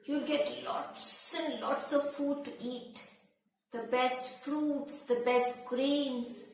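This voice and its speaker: A woman's voice: high-pitched, steady tone, drawn-out words, slight background noise. A woman voicing a greedy, bossy rich man in a storybook reading, pompous in manner. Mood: coaxing. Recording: echoey room, voice from far off.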